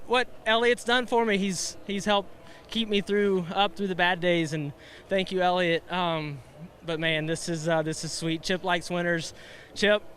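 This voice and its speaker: A high-voiced man, just out of his race car and still out of breath. He rattles off excited thank-yous in a post-race interview outdoors at the track. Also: slight background noise. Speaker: race-winning driver. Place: victory lane at a racetrack, outdoors.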